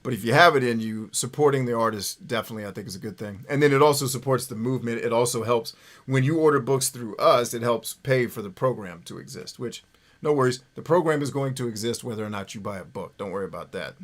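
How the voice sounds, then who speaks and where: Speaking fast at a medium pitch, a man runs a laid-back livestream. His talk is loose and peppered with "right?", with swearing whenever he gets fired up, and he sounds like a former radio announcer giving out phone numbers.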